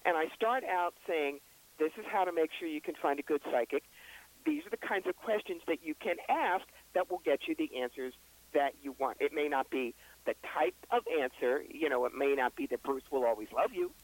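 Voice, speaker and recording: A man with a brisk, wry storytelling manner, the psychic author and reverend being interviewed on a radio show. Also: on the high side, expressive, poor audio. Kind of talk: interview guest.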